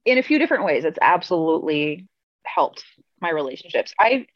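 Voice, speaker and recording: A woman's voice: fairly low pitch, very animated, brisk, no echo. Chatty woman on a muffled call. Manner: chatty, rambling, self-amused. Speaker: podcast guest. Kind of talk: casual storytelling over a video call. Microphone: video call.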